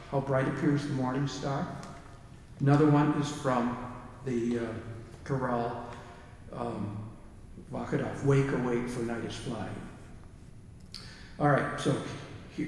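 A man's voice: mid-range voice, steady tone, measured pace, long pauses, darkish tone, slight background noise. A man giving an informal music lecture, hesitating with fillers and singing short phrases to show the rhythms. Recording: echoey hall from far off.

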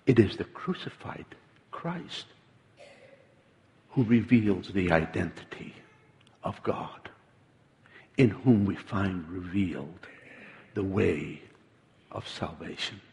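A man preaching a sermon, unhurried, often stammering and restarting his phrases. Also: low voice, creaky, dark tone, in a large hall.

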